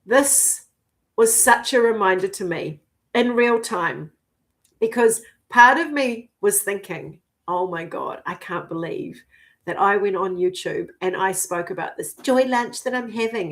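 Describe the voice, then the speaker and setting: A woman in her fifties talks straight to camera as a spiritual coach. She swears freely and hammers her points home. Between her loud declarations she sinks into hushed, breathy whispers. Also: medium pitch, lively intonation, unhurried. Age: 50s. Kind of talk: spiritual vlog monologue.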